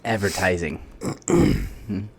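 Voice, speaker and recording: A man's voice: sits low, very animated, slow pace, gravelly, slight background noise. A man co-hosting a casual podcast, rambling and joking through sports banter. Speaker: podcast co-host. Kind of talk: casual chat.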